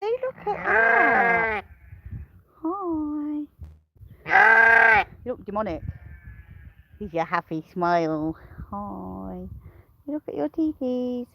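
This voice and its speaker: A woman's voice: mid-range voice, big pitch swings, takes it slowly, creaky, long pauses, dull audio, heavy background noise. A woman chatting casually on a live stream while showing her farm animals, rambling and cooing at them. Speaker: smallholder vlogger. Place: outdoors on a farm among sheep and goats.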